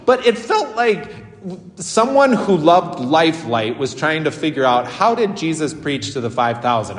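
A man, a Catholic priest, giving a casual, chatty homily with laughing asides. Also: mid-range voice. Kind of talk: conversational homily. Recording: echoey church with long reverb.

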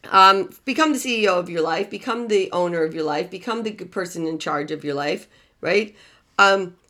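A female relationship coach delivers an off-the-cuff advice monologue in a mid-range voice. She's emphatic, repeats key words, and moves between soft and loud.

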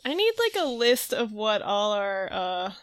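A woman co-hosting a casual podcast, giggling as she recaps a comic and reads its lines in quick put-on voices. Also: medium pitch, sing-song, clear, resonant tone, dry recording, clean studio sound. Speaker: podcast co-host.

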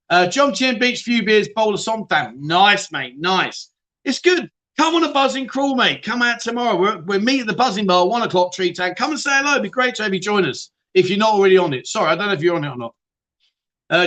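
A man's voice: high voice, bright, forceful tone. A middle-aged man hosting a casual live stream, chatting and greeting viewers by name, often laughing. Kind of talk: casual chat reading live comments.

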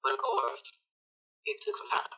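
Guy telling a story, super animated, acts out his old lines, kinda far from the mic and muffled. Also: normal speed. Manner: animated, acts out his own past lines with big pitch jumps. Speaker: guest. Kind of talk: personal storytelling in casual chat. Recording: dull lo-fi audio, a bit far from the mic.

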